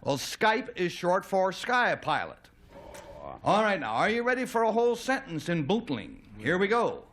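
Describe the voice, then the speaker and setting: A man's voice: high-pitched, sing-song, normal speed, fairly bright tone. A man hosting a television game show, genial and talkative, with a few hesitant fillers. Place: television studio.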